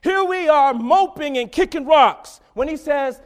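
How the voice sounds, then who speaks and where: A man preaching a sermon, swinging from hushed, low lines to loud, fervent exhortation. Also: unhurried, few pauses.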